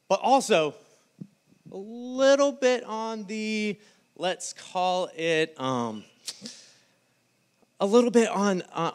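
Animated preacher man. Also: high voice. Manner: animated storytelling, acting out the scene in quoted voices. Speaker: pastor. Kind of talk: sermon.

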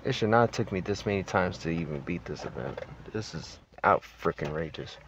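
A man's voice: deep voice, expressive, fairly quick, lo-fi sound. A man giving frustrated, swearing commentary while playing a racing game, with noisy game sound behind his voice. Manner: swearing, exasperated, grumbling. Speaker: gaming channel host.

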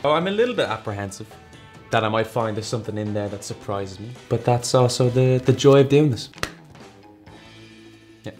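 A man's voice: mid-range voice, expressive, fairly quick, long pauses, darkish tone, soft background music. A young man with an Irish accent, chatting casually on camera with dry, wry humor. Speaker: contributor taking a test.

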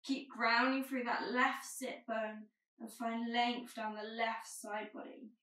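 Calm woman guiding a yoga class. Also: a little high, slow pace, roomy sound, recorded from a distance, poor audio. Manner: calm, gentle guiding cues. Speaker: yoga teacher. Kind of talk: guided yoga instruction.

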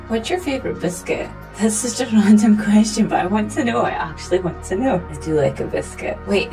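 A woman, giving chatty, giggly reaction commentary to a show. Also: lowish voice. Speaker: reaction video host.

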